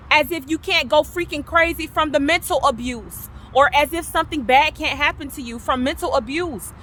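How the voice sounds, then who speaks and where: Woman in her thirties, heated personal testimony, bright high-ish voice, faint traffic behind. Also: fairly quick, hardly any pauses. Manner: impassioned, repeats herself, swings from loud to low. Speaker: vlogger sharing her testimony.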